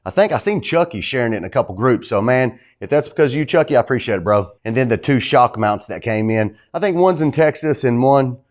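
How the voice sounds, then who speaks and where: A young man chatting casually in his shop vlog, laid-back and excited, tossing in "dude" and "man". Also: mid-range voice, fast, few pauses, no echo. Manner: laid-back and enthusiastic, drawling, calls viewers dude and man. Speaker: custom truck builder and vlogger.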